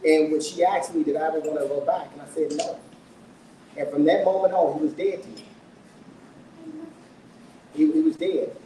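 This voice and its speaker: Guy speaking at his book launch, kinda high voice, earnest, gets emotional, faint background noise, a bit far off the mic. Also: animated, moderate pace, pauses often, warm tone. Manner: earnest, emotional, asks the audience questions. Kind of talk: personal storytelling talk to an audience. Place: event room with an audience. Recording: echoey room, voice from a distance, faint noise.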